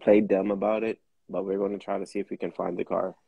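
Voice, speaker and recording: Young New guy, deep husky voice, dry close sound, casual profane storyteller. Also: level tone, quick pace, no room sound, dull audio. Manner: profane, laid-back, slangy. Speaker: car rental host.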